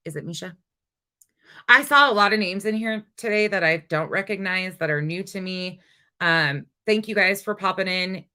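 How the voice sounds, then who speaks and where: A woman's voice: fairly low pitch, pushed and bright. A woman hosting a casual livestream, talking bluntly and with exasperation, swearing freely and chatting with her viewers. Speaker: livestream host.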